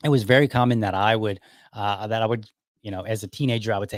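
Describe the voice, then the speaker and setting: A man's voice: on the low side, fairly even intonation, quick pace, no room sound. A middle-aged man from Ohio telling stories about his childhood in a casual, rambling way, correcting himself as he goes and acting out quotes. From Ohio, United States. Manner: rambling, self-correcting storyteller who acts out quotes. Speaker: podcast host. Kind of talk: casual storytelling monologue.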